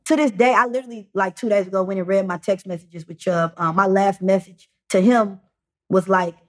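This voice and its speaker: A young woman sits in as a podcast guest and tells a long story in casual speech. She talks in halting runs and restarts often, leaning on small fillers between phrases. Her pitch sits in the middle range. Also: fairly even intonation.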